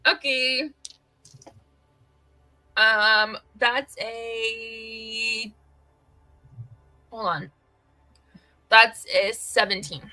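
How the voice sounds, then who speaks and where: A woman playing in a tabletop game speaks slowly and hesitantly, pausing on fillers as she decides her moves. Her voice has a bright, sharp edge, and the sound is dry and close. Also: fairly high pitch, steady tone, no room sound, rough recording. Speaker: player. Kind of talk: casual tabletop play.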